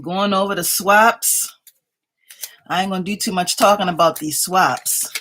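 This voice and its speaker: A woman's voice: fairly low pitch, fairly even intonation, measured pace, fairly bright tone, slight background noise. A woman hosting a casual craft livestream from home, greeting viewers by name as they join and chatting along, a little sleepy. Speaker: craft channel host.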